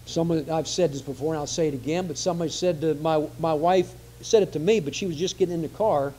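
A man's voice: fairly high pitch, fast, warm tone, slight background noise. A man preaching a conversational sermon, often repeating phrases for emphasis.

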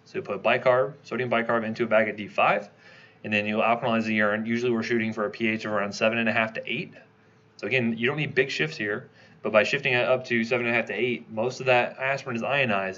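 A man giving a conversational lecture, quizzing his class with quick questions as he teaches. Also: mid-range voice, fairly even intonation, fairly bright tone, highs cut off. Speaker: toxicology lecturer.

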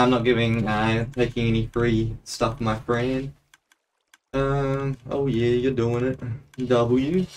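With a mid-range, darkish voice, a young man gives casual commentary on his live game stream. He laughs often and now and then bursts into mock auctioneer calls.

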